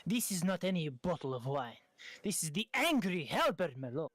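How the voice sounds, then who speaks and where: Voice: medium pitch, very animated, moderate pace, a bit bright, no room sound. A game master voicing a haughty male wine vendor in a put-on French accent, pompous and proud of his wine. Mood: indignant.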